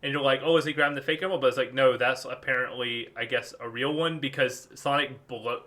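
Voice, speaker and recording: Brief: male podcast co-host, bright sharp tone, animated gaming chat with restarts. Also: mid-range voice. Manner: animated, quick, lots of restarts and acted-out quotes.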